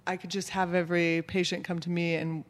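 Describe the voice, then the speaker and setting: A man explaining in a casual talk, agreeable and quick to back others up. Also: high-pitched, flat delivery, big-room sound. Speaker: birth professional guest.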